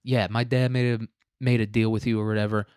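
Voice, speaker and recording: A man's voice: lowish voice, flat delivery, fairly quick, darkish tone, dry recording, clean studio sound, lightly acted. A man voicing a blunt, irritated young Puritan man who swears and brushes people off. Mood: annoyed. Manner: gruff, swearing, dismissive.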